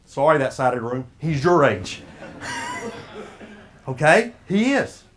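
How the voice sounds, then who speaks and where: A man's voice: fairly high pitch, sing-song, measured pace, fairly bright tone. A man with a Southern US accent giving a folksy, preacher-like motivational talk to a room of sports officials and quizzing the audience as he goes. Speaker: speaker at an officials' association.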